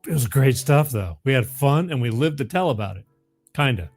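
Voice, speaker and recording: A man's voice: mid-range voice, lively intonation, normal speed, a little mellow, soft background music. A middle-aged man hosting a call-in show, chatting casually and rambling, with frequent laughs and repeats. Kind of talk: casual call-in radio chat.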